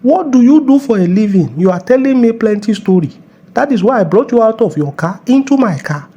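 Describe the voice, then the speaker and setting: A man's voice: high voice, lively intonation, brisk, warm tone, slightly rough, muffled recording. A man with a Nigerian accent playing a bossy, mocking middle-aged police officer in a comedy skit. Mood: scolding. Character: bullying middle-aged male traffic cop.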